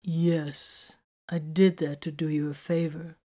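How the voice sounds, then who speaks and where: A woman's voice: sits low, little pitch movement, takes it slowly, warm tone. A woman voicing a cheerful, unflappable young male warrior with a breezy, good-humored manner.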